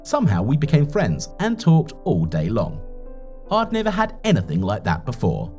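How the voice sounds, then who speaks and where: A man narrating a first-person animated story. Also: medium pitch, moderate pace, faint music behind.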